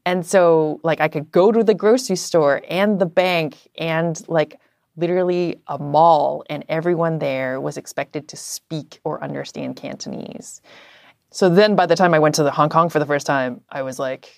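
A woman from Canada, a journalist, telling stories in a chatty, animated way with lots of fillers. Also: sits low, normal speed, gravelly, no echo, studio quality. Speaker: guest, journalist. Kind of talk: casual interview chat.

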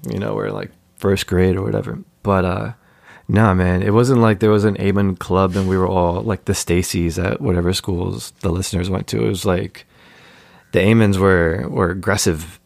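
Laid-back man with a gravelly low voice. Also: fairly even intonation, moderate pace, darkish tone, no echo. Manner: laid-back, jokey, mimics voices in anecdotes. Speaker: podcast guest. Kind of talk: casual storytelling.

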